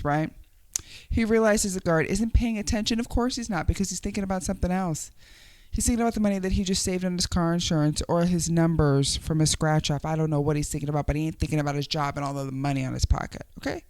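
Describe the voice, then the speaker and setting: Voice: medium pitch, quick pace, a little mellow, no room sound. A vlogger giving casual, exasperated commentary on news clips, often sighing, laughing and tripping over hard words.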